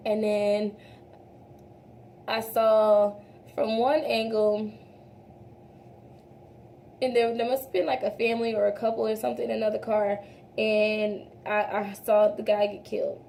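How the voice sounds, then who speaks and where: A woman's voice: mid-range voice, level tone, unhurried, gravelly, long pauses, warm tone, slight background noise. A young woman chatting casually while doing her makeup, talking straight to her viewers as y'all and trailing off into restarts. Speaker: beauty vlogger. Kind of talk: casual makeup tutorial chat.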